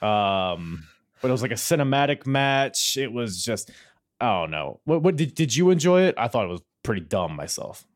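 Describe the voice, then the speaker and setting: A man hosting a podcast, chatting casually and joking in a rambling way. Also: normal speed. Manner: joking, rambling, lively pitch. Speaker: podcast host.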